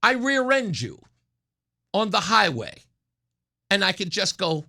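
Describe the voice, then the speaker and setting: A man's voice: high voice, big pitch swings, takes it slowly, pauses often, sharp tone. A middle-aged man hosting a talk radio show, delivering an opinionated monologue and mocking opponents with put-on whiny voices.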